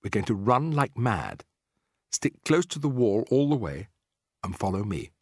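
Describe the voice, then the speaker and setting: A man's voice: on the low side, very animated, measured pace, no echo, clean studio sound, exaggerated voice. A man voicing a clever young boy who has been turned into a mouse and speaks earnestly and persuasively. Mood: urgent.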